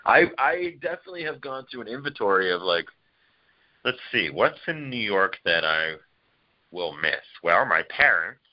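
A man's voice: on the low side, very animated, normal speed. A man in casual conversation, joking, laughing often and swearing freely. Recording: dull lo-fi recording.

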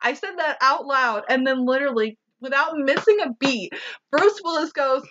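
A woman's voice: high-pitched, moderate pace, noisy background. A woman co-hosting a podcast, casually and animatedly recapping a movie with lots of swearing and acted-out quotes. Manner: animated, sweary, quotes lines in exaggerated voices. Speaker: podcast co-host. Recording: dull lo-fi sound.

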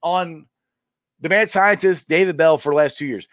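A man hosting a casual live-stream sports show, excitable and rambling, with frequent laughs. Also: a little high, normal speed, no echo, clean studio sound.

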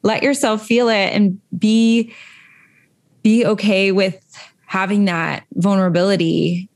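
A woman's voice: mid-range voice, fairly even intonation, takes it slowly. Earnest woman in casual chat. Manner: earnest, reflective, many fillers.

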